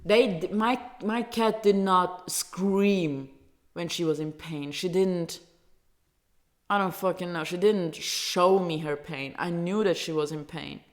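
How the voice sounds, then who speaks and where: A woman's voice: fairly low pitch, takes it slowly. Angry profane woman ranting. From Turkey. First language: Turkish. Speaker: vlogger. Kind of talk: angry casual rant.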